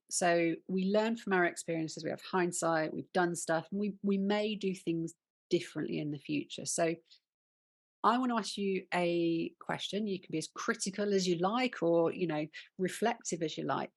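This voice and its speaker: Woman, podcast host, lowish voice, conversational, advice-giving. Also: vocal fry. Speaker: podcast host and dog trainer. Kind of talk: podcast interview.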